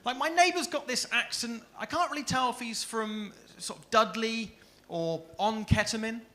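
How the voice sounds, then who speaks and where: Male stand-up, deadpan delivery, very bright and crisp tone, club mic. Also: very high-pitched, moderate pace, slight background noise. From Stoke-on-Trent area, England. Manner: deadpan, dry one-liners. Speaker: stand-up comedian. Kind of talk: stand-up routine. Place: comedy club stage.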